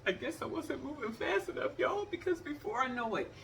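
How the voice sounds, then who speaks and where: A woman's voice: sits high, very animated, brisk, gravelly, fairly bright tone, recorded from a distance, a little hiss or hum. A woman in her fifties, from the Cleveland area, telling funny stories and acting out the scenes while she talks to the viewer. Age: 50s. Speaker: vlogger. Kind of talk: animated comedic storytelling.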